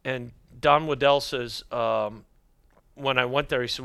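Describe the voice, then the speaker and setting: A man's voice: mid-range voice, steady tone, unhurried, vocal fry, bright, forceful tone, smooth, no room sound. A middle-aged man, a hockey equipment manager, telling rambling stories as a podcast guest and dropping his voice to quote other people. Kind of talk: casual storytelling chat.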